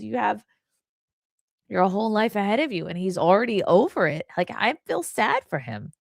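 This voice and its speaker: A woman's voice: medium pitch, huge pitch swings, normal speed, creaky, dry recording, clean studio sound. A woman hosting a livestream in a casual, rambling way, full of "like" and earnest asides, reading viewer comments between stories. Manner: rambling and chatty, heavy use of "like". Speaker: livestream host.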